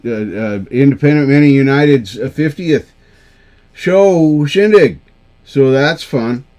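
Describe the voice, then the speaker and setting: A man's voice: mid-range voice, a little mellow. A man hosting a live karaoke stream, chatting casually with viewers in a rambling, self-deprecating way. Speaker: livestream karaoke show host.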